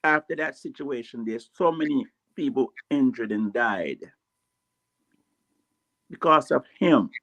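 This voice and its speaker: A man's voice: mid-range voice, expressive, takes it slowly, pauses often, fairly bright tone, lo-fi sound. A man on a radio talk show insisting on his point in a heated debate.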